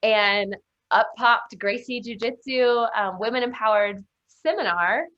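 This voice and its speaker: A young woman from Arkansas, telling her story as an interview guest in an animated way, laughing often and acting out quotes. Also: on the high side, measured pace. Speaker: guest, self-defense instructor. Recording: dull lo-fi sound.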